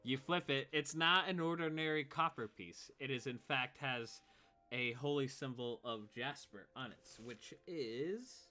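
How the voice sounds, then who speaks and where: A man narrating as game master in a tabletop game, relaxed and loose with many fillers. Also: medium pitch, a little slow, soft background music.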